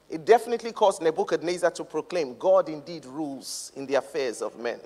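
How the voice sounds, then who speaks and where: A woman's voice: low-pitched, animated, brisk, few pauses, warm tone. A woman reverend preaching a sermon with emphatic, repetitive phrases that build in cadence. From England. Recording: long reverb of a large hall.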